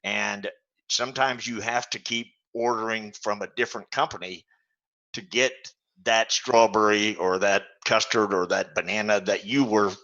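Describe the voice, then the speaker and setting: Lower-voiced man, forceful and bright. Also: muffled recording. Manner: explanatory, measured storytelling. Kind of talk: casual livestream chat.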